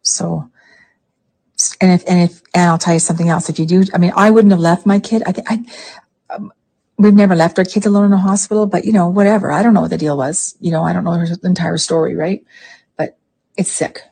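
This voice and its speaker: A woman's voice: on the low side, steady tone, brisk, vocal fry, warm tone, husky. A woman in heated casual chat, indignant, retelling a story in a rush. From Canada. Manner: indignant, retells stories breathlessly.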